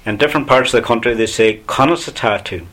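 A man's voice: mid-range voice, fast talker, a bit bright. A man from Ulster with an Ulster Irish accent, patiently explaining phrases as a language teacher. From Ulster, Ireland.

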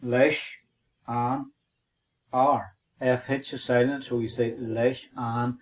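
A man's voice: mid-range voice, flat delivery, takes it slowly. A man teaching the language on a podcast, patiently repeating phrases for learners.

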